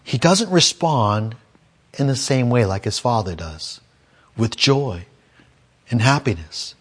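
A man's voice: mid-range voice, expressive, slow, husky. A man preaching a sermon, reading a scripture passage and then explaining it verse by verse, sometimes raising his voice to act out the characters. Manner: acts out the complaining son in a raised voice.

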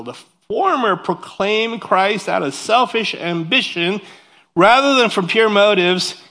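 A man preaching a sermon in a voice pitched a little above the usual male range. He reads scripture aloud and explains it verse by verse. He keeps things animated with joking, self-deprecating asides to the congregation. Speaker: pastor.

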